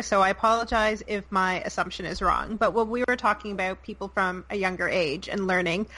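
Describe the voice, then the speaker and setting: A woman's voice: medium pitch, fairly bright tone, low-quality recording. A woman from Canada with a Canadian accent, co-hosting a podcast and reading listener questions in an apologetic, hedging way, with many ums. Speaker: podcast co-host.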